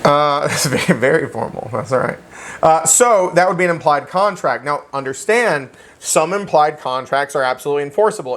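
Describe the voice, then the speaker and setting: A man lectures a real estate exam class. His voice sits a little high for a man, and he keeps it animated and joking, tossing "okay?" and "right?" to the students as he goes. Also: brisk.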